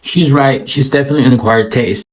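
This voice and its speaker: A man delivers short, critical commentary in a plain, matter-of-fact tone. His pitch sits in a middle range. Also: fast, poor audio. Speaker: social media commentator.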